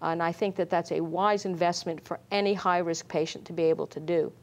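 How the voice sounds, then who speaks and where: A middle-aged woman, a lung doctor, explaining screening in an interview, measured and full of fillers. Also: on the low side, steady tone. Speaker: pulmonologist guest. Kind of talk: medical interview.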